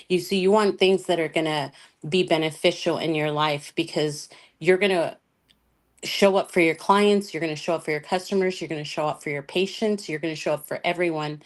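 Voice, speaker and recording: Earnest low-voiced woman giving motivational advice. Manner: earnest, peppered with "you know". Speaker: panel guest. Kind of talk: motivational panel talk.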